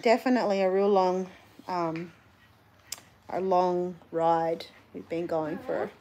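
A woman's voice: lowish voice, steady tone, slow pace, dark tone, a little hiss or hum. A woman hosting a family live stream, chatting casually and reading out viewer comments. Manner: chatty, reads viewer comments, laughs easily. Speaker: vlog host.

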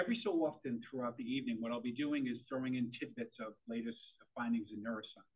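A man speaks to a room of parents in a conversational style, restarting his sentences with repeated words. His voice is a little husky and sits at an ordinary pitch. The sound is thin and tinny, like a phone line. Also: steady tone, quick pace, hardly any pauses. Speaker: parent forum presenter. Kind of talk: presentation to parents.

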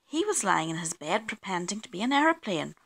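A woman reading a children's picture book aloud, slow and expressive, acting out the sound effects. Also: mid-range voice, creaky. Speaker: children's story reader.

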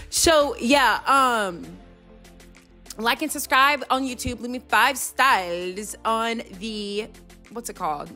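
A woman's voice: fairly high pitch, slow pace, sharp tone. A young woman, hosting a casual faith podcast and chatting in a scattered way, recorded on her phone microphone. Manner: chatty and scattered, says y'all a lot. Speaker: podcast host. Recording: phone mic with faint music behind.

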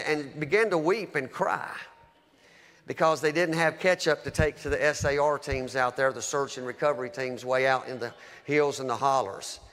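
A man's voice: a little high, a bit bright. Man preaching in a reverberant hall. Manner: emotional storytelling, rising to fervent prayer. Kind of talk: sermon testimony.

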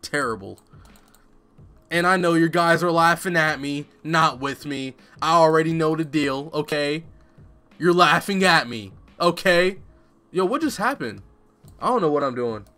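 A man's voice: on the high side, animated, a little slow, pushed and bright. A man commentating a live game stream, joking and self-mocking in casual street slang. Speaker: gaming streamer.

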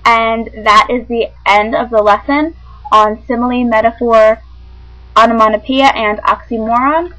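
A woman with a fairly high voice reads out a literature lesson. Her delivery is measured and clear, like a classroom explanation, and she stumbles over a word now and then. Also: steady tone, a bit bright, muffled recording. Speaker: teacher. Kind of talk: reading a lesson script aloud.

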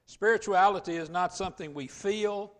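A man preaching a sermon as pastor in a church, emphatic, dropping to quiet asides and rising to loud, stressed points. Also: sits high, moderate pace. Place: church sanctuary.

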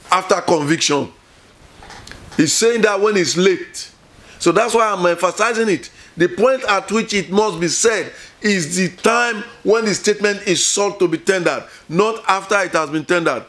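A middle-aged man, a lawyer explaining court procedure in an informal lesson, emphatic and repetitive, often correcting himself. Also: high voice.

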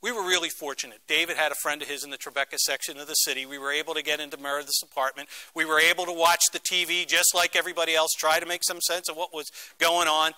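Guest lecturer, man, middle-aged, from Philadelphia; bright, fairly high voice, dramatic storyteller. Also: steady tone, fast talker, few pauses. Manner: dramatic, acts out quoted voices. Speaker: guest speaker. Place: university lecture room.

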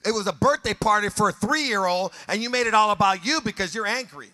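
Male pastor, sermon delivery, very high bright voice, dry close sound, acts out other people's lines. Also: fairly quick, no echo. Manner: animated preaching, swinging from quiet asides to shouted passages; acts out voices of people and scenes in his preaching.

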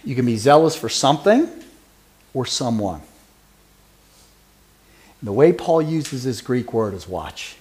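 A man's voice: medium pitch, very animated, unhurried, pauses often, darkish tone. A man preaching a sermon who asks his congregation questions and teases members by name. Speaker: pastor.

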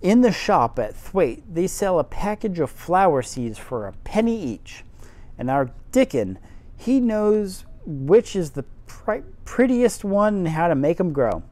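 Cheerful young housemaid in broad dialect, bright and loud, done by a tipsy amateur reader. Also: mid-range voice, very animated, a little slow. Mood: chatty. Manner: broad dialect, chatty and homely.

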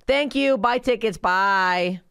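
A Canadian woman hosting a podcast in casual chat, brash and swearing freely, with loud bursts. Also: medium pitch, slow, gravelly, over music. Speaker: podcast host.

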